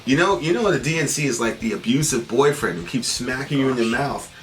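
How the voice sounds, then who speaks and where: A man's voice: medium pitch, expressive, fairly quick, faint music behind. A man co-hosting a political talk show, venting in indignant, sarcastic bursts. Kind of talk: heated political commentary.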